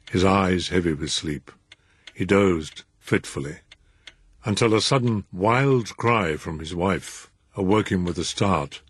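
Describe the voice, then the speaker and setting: Deep, slow man reading a story. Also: husky, dry recording, studio quality. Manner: expressive, measured. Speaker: narrator. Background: music.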